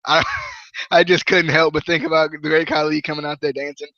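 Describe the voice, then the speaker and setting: A man hosting a podcast, chatting casually and jokily about a wrestling show in a rambling, animated way. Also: fairly high pitch, fairly quick, dry recording, dull audio. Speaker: podcast host. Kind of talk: casual wrestling review chat.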